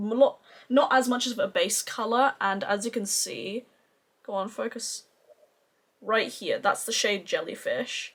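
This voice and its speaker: Australian woman, beauty vlogger, effusive, chatty, casual makeup review, mid-pitched voice. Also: fairly bright tone.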